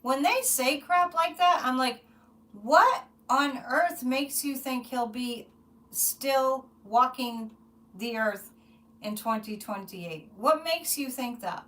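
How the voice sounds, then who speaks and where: A woman hosting a psychic livestream, chatting casually and rambling, with frequent restarts and animated asides. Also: sits high, slow, distant mic. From United States.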